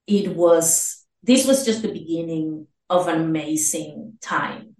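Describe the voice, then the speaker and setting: A woman from Venezuela, a guest telling her story animatedly and acting out the voices of people she quotes. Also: on the low side. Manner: acts out quoted voices, fast bursts. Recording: roomy, distant from the mic.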